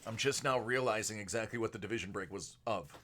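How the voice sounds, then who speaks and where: A man hosting a live card-break stream, chatting casually with viewers and moving between a projected announcer voice and a softer everyday voice. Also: on the low side, fast, a little hiss or hum. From United States. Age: adult with a young son. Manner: chatty, answers viewers by name.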